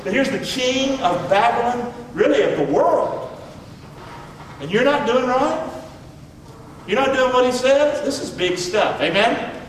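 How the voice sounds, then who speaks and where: A man's voice: very high-pitched, lively intonation, a little slow, pauses often, a little hiss or hum. A middle-aged man preaching a sermon in a church, folksy and emphatic, calling out for amens. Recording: echoey hall from far off.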